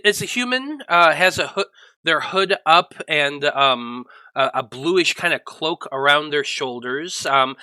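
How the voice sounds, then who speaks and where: A man narrating as game master of a tabletop role-playing game, halting often with ums and restarts. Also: a little high, sharp tone, dry recording, poor audio.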